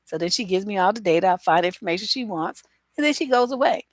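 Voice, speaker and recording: Woman relationship coach, frank and conversational, mid-pitched voice, close and dry. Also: lively intonation, quick pace, no room sound. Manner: chatty and blunt, many "you know" fillers. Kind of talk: casual livestream advice talk.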